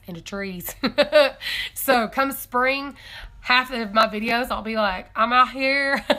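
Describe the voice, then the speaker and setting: A young woman hosts a casual homesteading live stream, talking to her viewers in a bright, forward voice. She rambles and thinks aloud, correcting herself as she goes. She gets excited easily and laughs a lot. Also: mid-range voice. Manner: chatty and excitable, laughs often.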